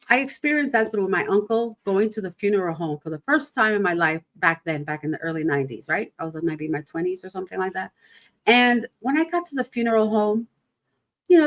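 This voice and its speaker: A woman's voice: medium pitch, lively intonation, fairly quick. A woman in her fifties hosting a podcast, talking casually about grief in a rambling, emphatic way full of rhetorical questions. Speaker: podcast host.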